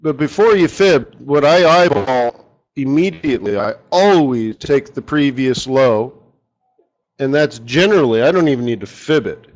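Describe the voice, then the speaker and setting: A man's voice: mid-range voice, animated, moderate pace, lo-fi sound. A man running a live forex strategy session, talking casually and rambling, often asking his audience rhetorical questions.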